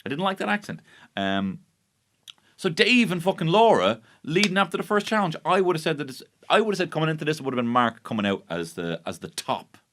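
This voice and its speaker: A man's voice: a little high, big pitch swings, a little fast, a bit bright. A man with an Irish accent hosting a podcast, recapping a baking show in a sarcastic, sweary, mock-outraged monologue. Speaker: podcast host. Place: podcast studio.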